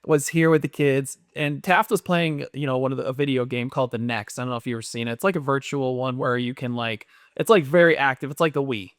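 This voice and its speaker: A man co-hosting a podcast, telling a family story in an animated way and laughing often. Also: medium pitch, fast, hardly any pauses, no room sound, studio quality. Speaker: podcast co-host. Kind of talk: casual chat.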